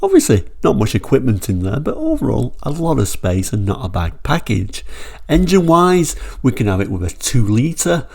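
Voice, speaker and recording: A man's voice: medium pitch, wildly swooping pitch, normal speed, vocal fry, darkish tone, breathy edge. A man hosting his channel, chatting his way through old car brochures in a rambling style that drifts off and then pulls itself back on track. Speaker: channel host.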